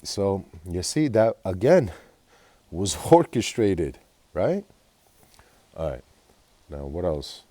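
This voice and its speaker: A man's voice: deep voice, big pitch swings, slow pace, pauses often, warm tone, dry recording. A man telling a rambling, profane personal story in a vlog, agitated and full of fillers. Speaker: vlogger.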